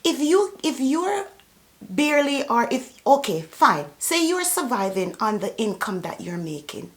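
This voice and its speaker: A woman's voice: a little high, very animated, unhurried. A woman who works as a personal support worker, giving an indignant, emphatic political rant to camera, repeating words for emphasis. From immigrant to Canada.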